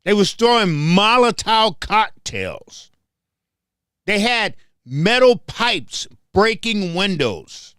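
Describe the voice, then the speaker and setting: A man's voice: sits high, very animated, takes it slowly, a bit bright, smooth, no echo, clean studio sound. A man hosting his show, talking in a casual commentary monologue, emphatic and repeating phrases as he restarts them. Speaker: show host.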